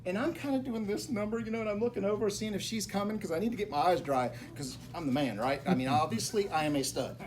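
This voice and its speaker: A man giving a motivational talk to a group of realtors, telling a personal story dramatically, dropping to hushed tones and then bursting out loudly. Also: quick pace, hardly any pauses. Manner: dramatic, swings between hushed low tones and loud outbursts. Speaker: mortgage lender speaking to realtors. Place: real estate office meeting room.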